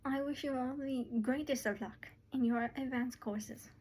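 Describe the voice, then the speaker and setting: A woman voicing a stately female academy headmistress, with a put-on British-adjacent accent, speaking in a measured, formal way. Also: sits high, steady tone, darkish tone, breathy edge. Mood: gracious.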